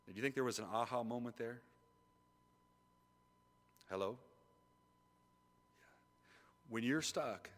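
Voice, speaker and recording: A middle-aged man preaching a sermon, swinging between loud emphatic lines and low, hushed asides, often putting questions to the congregation. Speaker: pastor. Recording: long reverb of a large hall.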